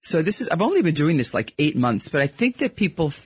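A man's voice: a little high, sing-song, fast talker, slightly rough, no room sound. A middle-aged man with a Brooklyn accent, speaking as a guest on a radio show in a candid, chatty way. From New York. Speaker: guest, real estate podcaster. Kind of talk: casual radio interview chat. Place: radio studio.

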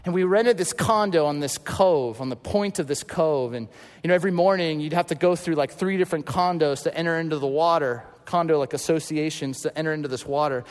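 Pastor, 30s man, dramatic storyteller, fairly high voice, reverb of a big church hall. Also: brisk. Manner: storytelling, swinging from loud to hushed. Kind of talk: sermon.

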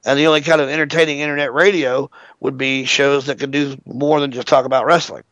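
A man's voice: medium pitch, a little fast, no echo. A man hosting an internet radio show, telling a long story casually and with plenty of swearing. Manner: profane, animated anecdote teller. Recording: dull lo-fi internet radio audio.

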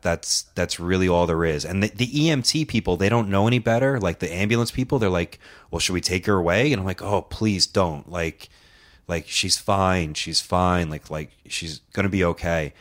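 A man with a deep voice tells a long, rambling story on a casual podcast. He acts out what other people said and swears freely. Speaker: co-host telling a story.

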